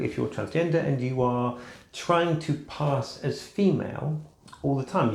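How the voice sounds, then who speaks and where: A man in a casual vlog, talking in a measured, explanatory way while keeping to the upper part of his range. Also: on the high side. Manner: measured, explanatory, softly raised register. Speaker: vlogger. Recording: echoey room.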